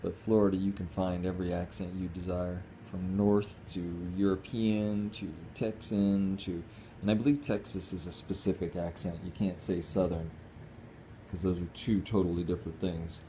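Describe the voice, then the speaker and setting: A man with a low, warm voice talks casually at home for his vlog. He rambles easily from one thought to the next and often restarts his sentences. A faint hiss sits under the recording. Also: little pitch movement, normal speed. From Northeastern United States. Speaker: squirrel rehabber vlogger.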